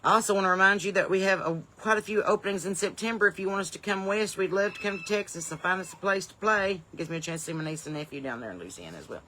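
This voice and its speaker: A woman's voice: mid-range voice, very fast, few pauses, sharp tone, a little hiss or hum. A woman comedian hosting a live stream from her home porch in the evening. She greets viewers in folksy, upbeat bursts and wanders off into rambling asides.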